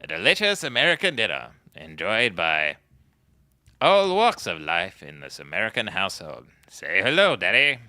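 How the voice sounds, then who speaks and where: A man's voice: low-pitched, huge pitch swings, normal speed, sharp tone, no echo, full character voice. A man putting on the voice of a pompous, old-fashioned male announcer with a transatlantic lilt and grand, showy delivery. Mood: grandiose.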